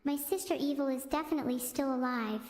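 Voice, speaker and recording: A woman's synthetic text-to-speech voice hosting a stream, chirpy and self-centred with deadpan quips. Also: sits high, quick pace. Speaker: AI streamer host. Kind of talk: stand-up style stream chat. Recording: roomy echo with long reverb.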